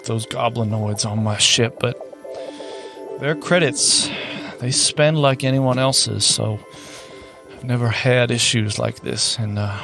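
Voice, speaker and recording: A man's voice: medium pitch, takes it slowly, gravelly, music in the background. A man voicing a wounded ship captain who stammers hesitantly and apologizes in a tabletop game. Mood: shaken. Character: shaken, wounded older male ship captain.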